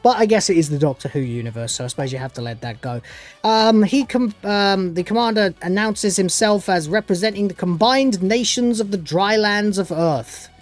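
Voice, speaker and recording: A man's voice: sits high, expressive, normal speed. A man giving a casual spoken recap of a TV episode as a reviewer, sarcastic and dismissive, rambling with many fillers. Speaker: show reviewer.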